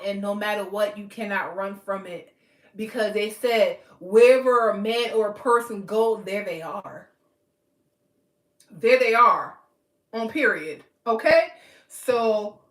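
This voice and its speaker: A woman's voice: medium pitch, a bit bright. A woman hosting a podcast, talking bluntly and emphatically in casual commentary, lecturing her listeners. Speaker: podcast host. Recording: echoey room.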